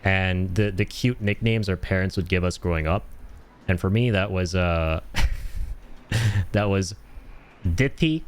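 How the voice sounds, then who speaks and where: A young North American livestreamer with a low voice speaks unhurriedly and pauses often. While streaming a game, he tells stories in a casual chat, laughing frequently and trailing off with fillers.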